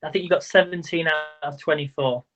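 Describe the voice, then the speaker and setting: A male livestream quiz host with a highish voice talks quickly and chattily, tripping over words and counting out loud. The stream audio is dull and lo-fi.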